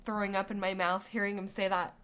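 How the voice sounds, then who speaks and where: A woman in her thirties co-hosting a casual chat, telling family stories in an animated way and laughing often. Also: mid-range voice, quick pace, smooth. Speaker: podcast co-host.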